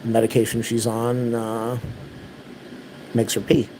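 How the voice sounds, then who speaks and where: A man's voice: mid-range voice, monotone, unhurried, dark tone, a little hiss or hum, low-quality recording. A man telling an exasperated, repetitive story to his viewers in a casual rant. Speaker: vlogger.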